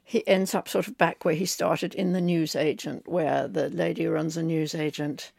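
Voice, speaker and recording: A woman's voice: low voice, fairly even intonation, normal speed, creaky, a little mellow, dry recording, studio quality. An older woman from England, a novelist being interviewed, telling rambling anecdotes with fillers. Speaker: novelist guest. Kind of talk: conversational interview.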